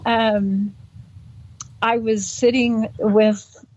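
Woman telling a story in halting bursts. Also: fairly high pitch. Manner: halting, with many restarts and fillers; lively, acting out voices in quotes. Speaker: interview guest. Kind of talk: recounting a childhood memory. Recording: dull lo-fi audio.

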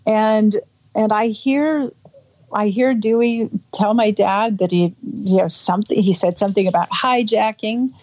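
A woman is interviewed about something from her childhood and tells it in halting bursts, full of restarts and fillers. She brings the scene to life by acting out the voices of the people involved. The recording is dull and lo-fi. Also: medium pitch. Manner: lively, acting out voices in quotes. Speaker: interview guest. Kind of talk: recounting a childhood memory. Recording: dull lo-fi audio.

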